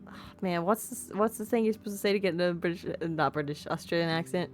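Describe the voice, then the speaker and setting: A woman's voice: fairly low pitch, quick pace, soft background music. A woman streamer narrating a video game, reading its text aloud and breaking off into self-deprecating asides. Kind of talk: let's-play narration and commentary.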